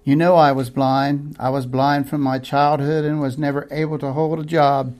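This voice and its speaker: A man's voice: a little high, level tone, normal speed, darkish tone, close to an everyday voice. A man voicing Bartimaeus, a cheerful, sincere formerly blind man speaking in a friendly way.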